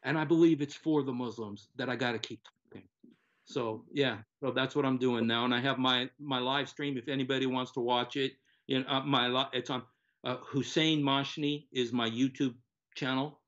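Older man giving earnest halting testimony. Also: medium pitch, steady tone, fairly bright tone. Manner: earnest, halting with many fillers. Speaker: interviewee, former TV presenter. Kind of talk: personal testimony. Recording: dull lo-fi recording.

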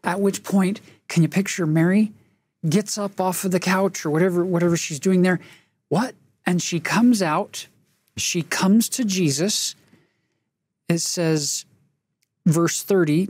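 Slow, husky-voiced woman teaching scripture. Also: fairly low pitch, a little mellow, dry recording. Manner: reads verses aloud and comments earnestly; asks listeners reflective questions. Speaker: scripture study host. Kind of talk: scripture lesson discussion.

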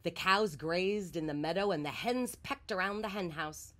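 A woman reading a children's picture book aloud, with expressive storytelling. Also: on the low side, normal speed.

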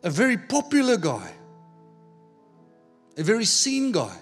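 A man preaching a sermon, telling a personal story in an animated way, acting out the dialogue and repeating words as he goes. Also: high voice, measured pace, husky, faint music behind. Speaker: pastor.

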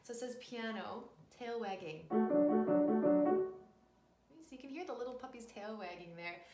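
A woman's voice: on the high side, fast talker. A young woman teaching a short piano lesson, upbeat and encouraging, speaking straight to the student between played passages. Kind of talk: friendly mini lesson with piano demonstrations. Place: room with a piano. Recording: echoey room with loud piano.

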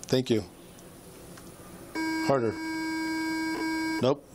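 A man's voice: mid-range voice, fairly even intonation, drawn-out words. A man working as a police officer, patiently coaching someone through a breath test with short, repeated commands. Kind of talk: bodycam breath test instructions. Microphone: body camera. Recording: noisy body camera audio.

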